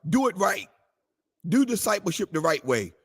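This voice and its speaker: A man's voice: sits high, big pitch swings, normal speed, creaky. A man preaching a sermon with passion, slipping into sung phrases. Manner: impassioned, call-and-response preaching with sung phrases. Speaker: pastor. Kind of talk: preaching to a livestream audience.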